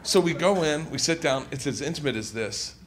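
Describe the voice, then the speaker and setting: A hungover man doing stand-up, rambling through a story and laughing at his own lines. His voice sits a bit high and swings widely in pitch. The audio carries a steady layer of noise. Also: fairly quick. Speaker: stand-up comedian. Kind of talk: stand-up comedy.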